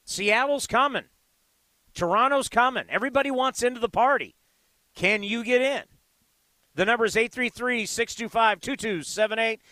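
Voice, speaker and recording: Bright-voiced sports radio host, emphatic. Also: male voice, very high voice, normal speed, dry recording, rough recording. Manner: emphatic, repetitive, promotional. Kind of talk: postgame call-in show hosting.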